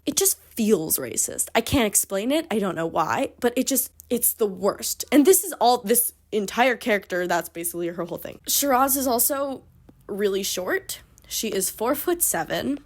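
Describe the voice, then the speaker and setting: A young woman, recapping a bad book in casual comedic style, sarcastic and animated, swinging between hushed asides and loud outbursts. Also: on the high side, moderate pace. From Canada. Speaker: book reviewer.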